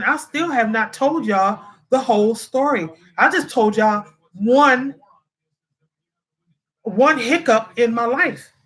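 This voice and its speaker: A woman hosts a casual livestream, reading comments and talking straight to her viewers while close to tears. Her voice is medium-pitched with a fairly bright tone, and she often repeats herself.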